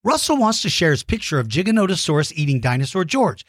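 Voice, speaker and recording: A man hosting a children's podcast, reading out listener mail with big enthusiasm, warm praise and playful mock-outraged shouts. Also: a little high, sing-song, quick pace, no echo, studio quality. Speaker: kids' podcast host.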